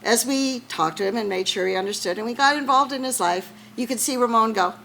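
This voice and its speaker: Female teacher, emotional and teary at a ceremony; bright, slightly high voice. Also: a little fast, vocal fry, few pauses, slight background noise, rough recording. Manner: emotional, laughing, close to tears. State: tearful. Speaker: math teacher. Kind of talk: award ceremony speech.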